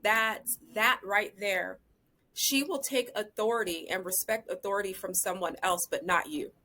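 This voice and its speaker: A woman's voice: medium pitch, normal speed, bright, forceful tone, a little hiss or hum. A woman who is a guest on a podcast, giving earnest parenting advice in casual conversation. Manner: earnest, advising.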